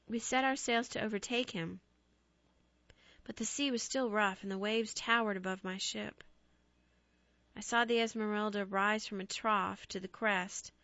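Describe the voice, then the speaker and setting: A woman's voice: medium pitch, steady tone, measured pace, no echo. A woman reading as a grave sea captain brother. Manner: grave, soft-spoken. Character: grave seafaring brother, gentle and sad. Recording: dry, slightly dull recording.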